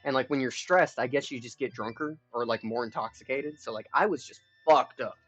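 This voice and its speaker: A man's voice: mid-range voice, brisk, fairly bright tone, husky, no echo, soft background music. A young man live streaming, telling a long personal story in a rambling, profane, frank way. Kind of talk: casual storytelling chat. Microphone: streaming mic. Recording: dull lo-fi stream audio.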